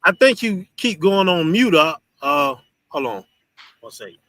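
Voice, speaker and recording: A man's voice: on the high side, sing-song, unhurried, fairly bright tone, no room sound, low-quality recording. A man leading a group discussion as its teacher, lecturing bluntly with profanity and often asking "you understand?". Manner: blunt, profane and scolding, laughs between points. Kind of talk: preachy lecture to an online audience.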